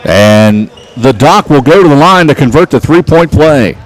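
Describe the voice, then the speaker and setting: A man calling local basketball play-by-play, getting excited and shouting on big plays. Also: a little high, moderate pace. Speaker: play-by-play announcer.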